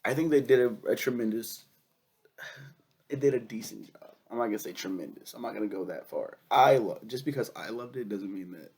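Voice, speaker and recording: Gravelly sick man ranting. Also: medium pitch, a little fast. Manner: profane, rambling, excitable. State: sick with a cough. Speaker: film reviewer. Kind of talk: casual film review.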